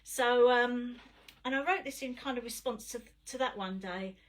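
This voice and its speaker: A woman's voice: a little high, moderate pace. A middle-aged woman, chatting between poems and reciting punchy rhyming verse on a live stream. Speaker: performance poet. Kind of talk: live-streamed poetry performance. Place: home, livestream.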